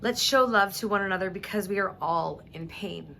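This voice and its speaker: A woman speaking earnestly and emotionally to her viewers, halting now and then and clearing her throat, close to tears. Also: mid-range voice, pushed and bright, slight background noise. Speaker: vlogger. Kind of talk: emotional personal address to viewers.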